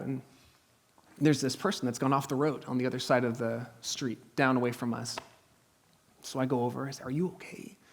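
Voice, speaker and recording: A man in his thirties, a pastor preaching a sermon in a conversational, humorous way, telling stories and dropping to a hush at tense moments. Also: mid-range voice. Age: 30s. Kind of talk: sermon with storytelling. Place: church.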